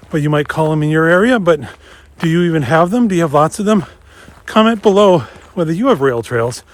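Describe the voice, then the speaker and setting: A man from Minnesota narrating a casual geocaching vlog outdoors on a winter trail, chatty and enthusiastic, talking straight to his viewers. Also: on the high side. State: slightly out of breath while walking fast. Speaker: geocaching vlogger.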